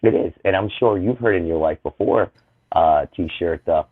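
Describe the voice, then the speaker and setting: A man from the United States with a deep, husky voice talks in an impassioned, emphatic way, at times rising to loud indignation. His voice comes through a tinny, phone-like line with a dry, close sound. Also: measured pace, dry recording. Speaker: panel guest. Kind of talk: casual discussion.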